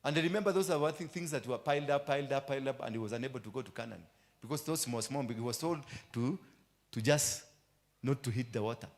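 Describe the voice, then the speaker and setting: A man with a Kenyan English accent delivers a sermon as an apostle, his voice sitting in an ordinary middle pitch. He repeats his phrases for force and drops Swahili into the English. He jumps from loud, high bursts down to low, hushed lines. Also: quick pace. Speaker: apostle preaching.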